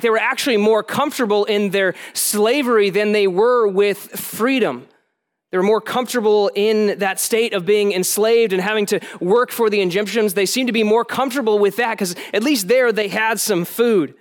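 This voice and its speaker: A man with a fairly high voice preaches to his congregation. He talks plainly and conversationally, and he slips in casual asides between points. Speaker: pastor. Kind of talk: sermon.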